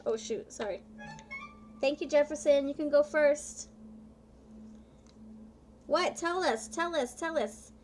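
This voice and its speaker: A woman tarot reader chatting live with her viewers, bubbly and playful, often excited and drawing her words out. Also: high voice, takes it slowly, long pauses, faint music behind. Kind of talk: casual live-stream chat with viewers.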